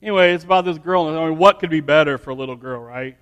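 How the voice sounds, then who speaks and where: A man's voice: fairly high pitch, quick pace, fairly bright tone, clear, resonant tone, long reverb tail. A pastor preaching a sermon, telling a rambling family story with many restarts before he builds to emphatic preaching.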